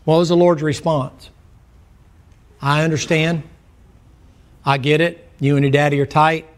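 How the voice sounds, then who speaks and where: A man preaching a sermon in a Southern American accent, his voice sitting a little higher than most men's. He talks in a folksy, blunt, fervent way and keeps throwing rhetorical questions at the congregation. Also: little pitch movement, a little slow. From Southern United States.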